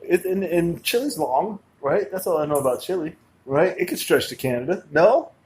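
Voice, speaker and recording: A man's voice: a little high, lively intonation, normal speed, a little mellow, a little hiss or hum. A man hosting a podcast, joking and laughing in casual banter. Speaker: podcast host.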